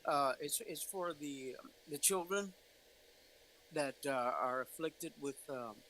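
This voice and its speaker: A man chatting on a casual livestream, his voice sitting a little higher than most men's. He wanders off track and gropes for words, with a faint hiss of noise behind him. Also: slow, bright, forceful tone, poor audio. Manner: rambling, loses his train of thought.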